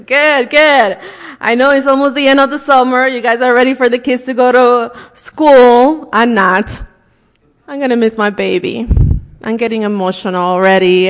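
A middle-aged woman hosting a church service, chatting personally as she welcomes everyone. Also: a little high. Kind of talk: casual welcome speech. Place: church sanctuary. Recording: long reverb of a large church hall.

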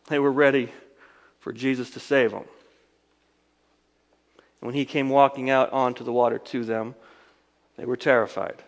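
A man preaching a sermon, telling a scripture story dramatically, swinging from loud emphasis to hushed lines. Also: medium pitch, flat delivery, normal speed, pauses often, big-room sound. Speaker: pastor.

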